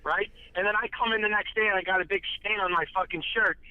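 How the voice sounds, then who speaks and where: A man guesting on a podcast, telling profane, lively anecdotes in casual chat. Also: high voice, fast talker, dry recording, highs cut off.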